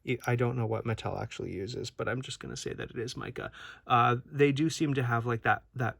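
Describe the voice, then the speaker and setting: A man's voice: medium pitch, fairly even intonation, fairly quick, vocal fry, fairly bright tone, dry recording. A man rambling casually through a toy unboxing review at home, chatty and full of restarts and asides. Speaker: toy collector vlogger.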